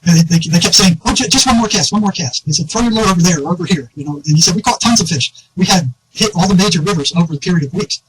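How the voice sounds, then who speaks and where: A man telling an animated anecdote in a casual conversation, often quoting others and laughing. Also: high voice, racing, hardly any pauses, background noise.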